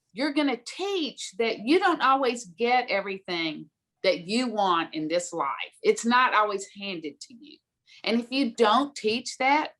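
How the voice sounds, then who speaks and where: A woman's voice: fairly high pitch, a bit bright. Middle-aged woman guest, direct and emphatic, storytelling advice. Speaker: guest speaker on money.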